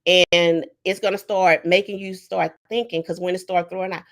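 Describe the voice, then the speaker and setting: Low-voiced woman teaching in a casual webinar. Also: level tone, normal speed, few pauses. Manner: conversational, many fillers, acts out sample prompts. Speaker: workshop presenter.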